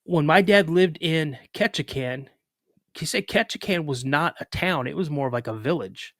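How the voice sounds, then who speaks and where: A man who is a podcast guest, telling a story casually with lively retelling, filler words and restarts. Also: on the high side, moderate pace, no room sound, clean studio sound.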